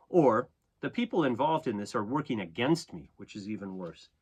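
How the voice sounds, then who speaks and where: A man's voice: medium pitch, animated, fairly quick, hardly any pauses, slightly rough. A man giving a casual, conversational tarot reading, often checking in with "okay?" and "right?" and laughing at himself. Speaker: tarot reader and astrologer.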